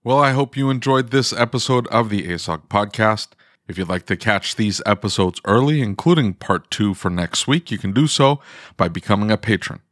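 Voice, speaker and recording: Male podcast host, low-pitched, playful teasing banter, dry close mic. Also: expressive, normal speed, fairly bright tone, dry recording. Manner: jokey, teasing, many restarts. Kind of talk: casual chat and scripted outro.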